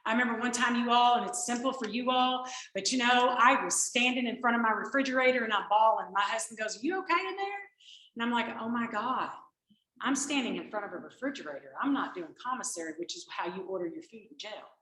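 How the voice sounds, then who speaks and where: A woman's voice: fairly high pitch, quick pace. A woman gives a personal recovery testimony to a group, telling stories and acting out the conversations she quotes. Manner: animated storytelling, acts out quoted exchanges. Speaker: recovery speaker. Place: meeting room. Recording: echoey room.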